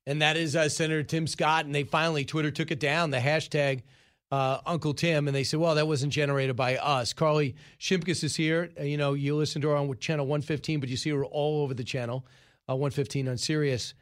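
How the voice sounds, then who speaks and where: A male radio host with a slightly raised pitch banters with his guest. His humor is dry and teasing. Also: little pitch movement, brisk. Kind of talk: radio talk show banter. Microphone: studio microphone.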